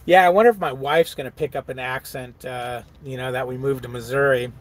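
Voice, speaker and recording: A man's voice: mid-range voice, fairly even intonation, fairly quick, background noise. A middle-aged man, a truck driver, chatting casually on a live stream, reading viewer comments aloud, laughing often and riffing on them.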